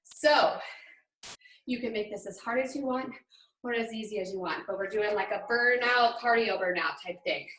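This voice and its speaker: A woman's voice: medium pitch, normal speed, fairly bright tone. A woman fitness trainer leading a live home workout, upbeat and counting reps, often out of breath. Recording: echoey room, far from mic.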